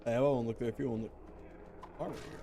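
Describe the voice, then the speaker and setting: A man's voice: mid-range voice, fairly even intonation, fast talker, gravelly, dark tone, faint music behind. A young man streaming a game, giving wry, joking commentary and mock-grand commands. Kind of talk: casual gameplay commentary.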